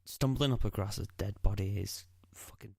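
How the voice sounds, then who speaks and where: A man's voice: lowish voice, normal speed, creaky, dark tone, slightly rough, no echo, clean studio sound. A man co-hosting a podcast, reacting in short casual remarks and hedging with "like". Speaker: podcast co-host.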